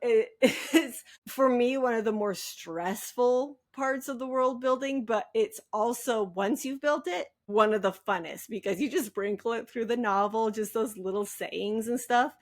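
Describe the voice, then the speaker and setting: A woman in her thirties with a slightly high voice co-hosts a relaxed chat. She talks cheerfully and giggles often. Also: a little slow, few pauses. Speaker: podcast co-host, fantasy writer. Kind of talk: casual chat.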